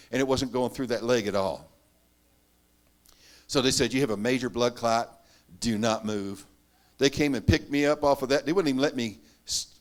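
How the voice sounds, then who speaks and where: Humorous man telling his testimony from the pulpit. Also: mid-range voice. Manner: animated, humorous storytelling with self-mocking asides. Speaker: preacher giving a testimony. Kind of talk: storytelling sermon. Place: church.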